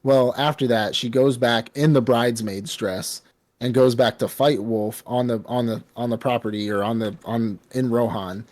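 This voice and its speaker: A man's voice: mid-range voice, moderate pace. A man co-hosting a podcast, recapping a film in casual, rambling, profane chat. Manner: rambling, profane, animated storytelling. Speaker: podcast co-host.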